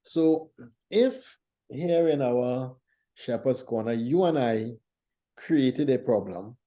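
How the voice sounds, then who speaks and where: A man leads a reflective faith conversation. His voice is very dark and mellow, at a middling pitch. He teaches through stories in a measured, thoughtful manner. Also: animated. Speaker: church leader hosting a faith talk show.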